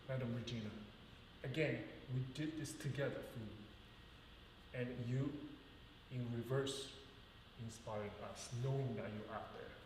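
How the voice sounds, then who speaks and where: A man's voice: mid-range voice, noisy background. A man teaching a live ballet class, speaking earnestly and counting out rhythms aloud. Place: large echoey dance studio. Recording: far-off voice in an echoey hall.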